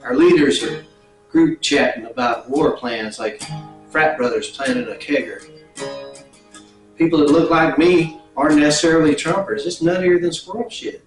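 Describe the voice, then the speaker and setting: A comedian guest does stand-up in a mock-preacher style, at one point breaking into song over a guitar. His voice sits on the high side and moves at a moderate pace. The recording sounds roomy and a bit distant from the mic, with guitar audible.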